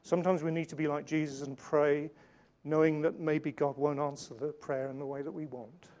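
A man preaching a sermon in an earnest way, slowing down and changing his volume to stress key points. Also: on the high side, little pitch movement, darkish tone. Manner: earnest, varies volume for emphasis, slows on key lines.

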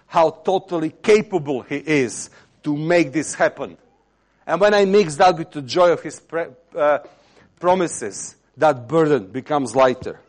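Impassioned preacher man. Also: fairly high pitch. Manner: impassioned, swells louder on key phrases then drops to near-whisper. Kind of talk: sermon.

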